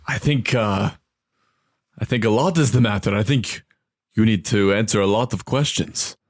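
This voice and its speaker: A man's voice: fairly low pitch, normal speed, no room sound, studio quality. A man playing a tabletop game, confronting another character in a playful, pushy way. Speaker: player. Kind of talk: tabletop game role-play.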